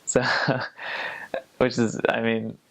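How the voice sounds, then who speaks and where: He speaks in a gravelly, monotone mid-range voice, drawing out his words. A young returned missionary, he tells casual stories that wander, packed with fillers and restarts, and he does accent impressions.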